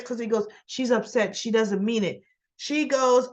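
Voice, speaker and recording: A woman hosting a casual soap opera recap, retelling the scenes and acting out the characters' lines in quick little voices. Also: fairly high pitch, animated.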